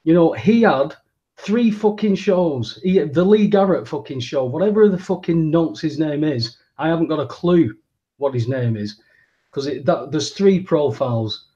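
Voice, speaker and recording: A man with a dark, mellow voice, speaking bluntly and swearing a lot. The recording sounds dull and lo-fi. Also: on the high side, expressive, moderate pace. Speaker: podcast co-host. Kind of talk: casual chat.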